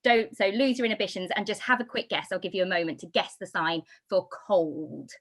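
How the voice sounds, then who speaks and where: A woman from the United Kingdom giving a talk on baby sign language, explaining with lively, sing-song emphasis. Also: medium pitch, brisk. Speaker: baby signing instructor. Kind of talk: talk to an audience.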